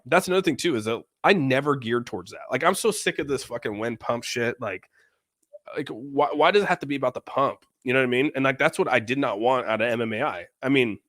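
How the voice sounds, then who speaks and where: A man's voice: medium pitch, a bit bright, dry recording, studio quality. A man in casual podcast chat, blunt and profane, rambling with lots of restarts.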